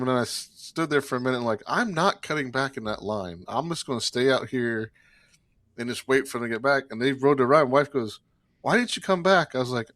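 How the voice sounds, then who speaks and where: A man's voice: medium pitch, no echo, clean studio sound. A man from South Carolina, co-hosting a casual podcast chat, tells anecdotes and acts out both sides of each conversation. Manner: animated storyteller acting out both sides of dialogue. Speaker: podcast co-host.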